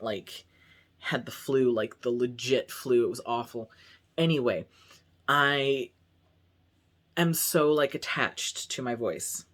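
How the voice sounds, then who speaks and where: Young trans man, vlogger, rambling and candid, mid-pitched voice. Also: a bit bright. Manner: talks openly and freely about his body. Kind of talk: casual vlog monologue.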